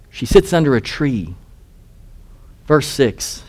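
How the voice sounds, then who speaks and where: A man's voice: a little high, sing-song, unhurried. A male pastor giving an expository sermon, reading scripture aloud and putting rhetorical questions to his listeners.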